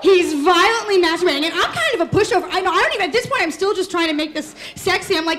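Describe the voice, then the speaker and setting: A woman's voice: extremely high pitch, rapid-fire, few pauses, over a noisy crowd. Woman, storyteller, rambling and candid, stage mic, audience noise. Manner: candid, rambling, full of "like" and "you know"; animated, laughing through punchlines. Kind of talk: live personal storytelling on stage. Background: audience laughter.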